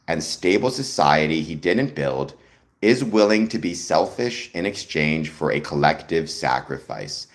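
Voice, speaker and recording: A Canadian man with a slightly bright bass voice hosts a casual livestream. He muses aloud and greets viewers in the chat, saying "um" often.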